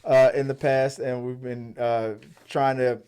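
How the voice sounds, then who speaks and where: A man hosting a casual movie podcast, talking in a rambling, profane and animated way. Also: mid-range voice, measured pace, clear, resonant tone. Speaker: podcast host. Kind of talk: casual chat.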